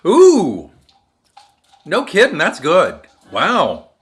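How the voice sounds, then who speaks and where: A man's voice: a little high, animated, normal speed, a bit bright. A man hosting a casual home cocktail show, chatting and joking as he mixes drinks at his bar. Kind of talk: casual chat while mixing drinks.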